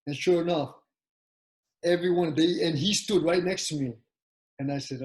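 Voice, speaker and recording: A man's voice: on the high side, moderate pace, poor audio. Rambling older man recalling his youth. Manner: rambling, with many restarts and acted-out quotes. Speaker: martial arts champion telling his story. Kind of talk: casual spoken reminiscence.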